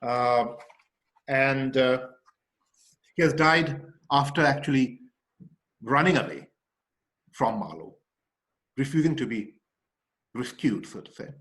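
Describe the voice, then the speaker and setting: A man's voice: medium pitch, expressive, slow, pauses often, fairly bright tone. A male lecturer giving a literature lecture. He speaks with emphasis, asks rhetorical questions, often checks in with "okay?", and restarts some phrases while he thinks.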